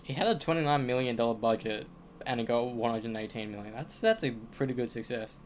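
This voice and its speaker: A man's voice: mid-range voice, fairly quick, a little hiss or hum. A young Australian man chatting casually on a game stream, rambling and swearing, often restarting his sentences. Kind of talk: casual gaming stream chat.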